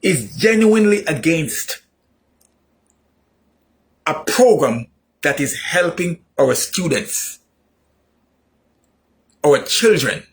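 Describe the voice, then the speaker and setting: A man delivering an opinionated political monologue, repeating himself emphatically and rising into shouts. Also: fairly high pitch, animated, slow pace, pauses often. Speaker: political commentator.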